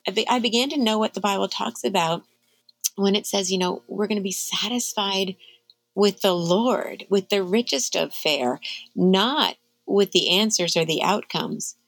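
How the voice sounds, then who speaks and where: A woman's voice: medium pitch, normal speed, gravelly, no room sound, rough recording. A middle-aged woman, an author, answering an interview question candidly, earnest and reflective and moved to emotion. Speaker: author and guest.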